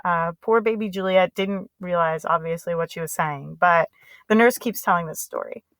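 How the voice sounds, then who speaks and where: A woman's voice: on the low side, moderate pace, fairly bright tone, dry recording, low-quality recording. A woman teacher giving a casual, chatty lesson summary in slangy everyday speech.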